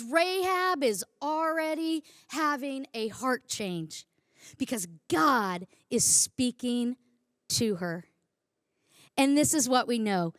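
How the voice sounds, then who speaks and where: A woman's voice: high-pitched, fairly bright tone, no echo, studio quality. A woman preaching a sermon, emphatic and fond of repeating phrases for effect.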